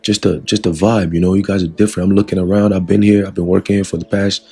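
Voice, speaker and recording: Friendly butcher, as a man puts him on, slangy, secretive, gravelly voice. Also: deep voice, flat delivery, fast talker, dark tone, exaggerated voice. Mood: earnest. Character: friendly street-talking male butcher, secretive and generous.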